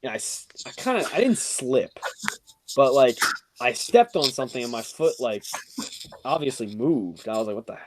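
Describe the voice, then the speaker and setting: A man's voice: moderate pace, noisy background. A young man casually telling a funny story on a podcast, acting out quotes and using lots of fillers. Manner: animated, acts out quotes with rising pitch, filler-heavy "like".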